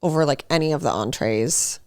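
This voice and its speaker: Lively young woman chatting, lots of "like". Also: deep voice, a little fast, dry recording, studio quality. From Los Angeles. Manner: chatty storyteller, lots of "like" and laughter. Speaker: podcast co-host. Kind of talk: casual chat.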